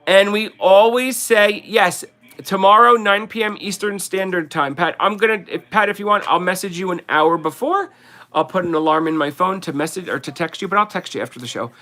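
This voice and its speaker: A man's voice: high voice, moderate pace, bright, forceful tone. A man with a New Jersey accent hosting a casual livestream, rambling and chatty and laughing often as he sells collectibles. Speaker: livestream host selling collectibles.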